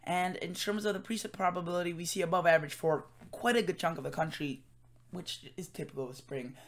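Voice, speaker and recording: A man's voice: high voice, steady tone, brisk. Tired, rambling man giving a weather forecast. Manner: rambling, with many fillers and self-corrections. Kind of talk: casual forecast commentary over screen.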